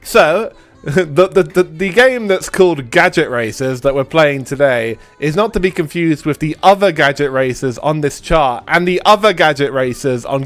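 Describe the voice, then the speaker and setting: Hoarse, stuffy man chatting on stream. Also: on the high side. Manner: rambling, with restarts, swearing and laughs. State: stuffy nose after a cold. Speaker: live streamer hosting a retro game stream. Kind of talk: casual live-stream chat.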